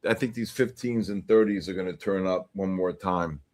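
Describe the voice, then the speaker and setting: A man hosting a live futures trading stream, commenting casually and excitedly on the market. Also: low voice, moderate pace. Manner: excitable, exclaiming and talking to himself over charts. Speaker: livestream trading host.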